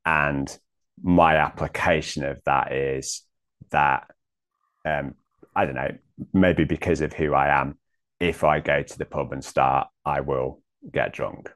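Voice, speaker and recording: A man in a casual theological discussion, thinking aloud with many pauses and restarts. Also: a bass voice, steady tone, fairly bright tone. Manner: hesitant, many ums and restarts.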